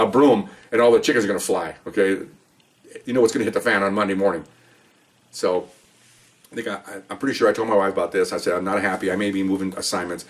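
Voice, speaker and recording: An older man, a retired police officer, telling stories in an animated, emphatic way, acting out the dialogue and often checking in with the listener. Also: on the low side, recorded from a distance. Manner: animated, emphatic, acts out quoted dialogue, keeps checking in with "okay?". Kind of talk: casual storytelling.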